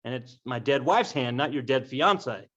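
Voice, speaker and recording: A man's voice: mid-range voice, expressive, a little slow, fairly bright tone. A man voicing a melodramatic lovesick teenage boy, close to his own voice. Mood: mock-tragic. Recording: dull lo-fi recording.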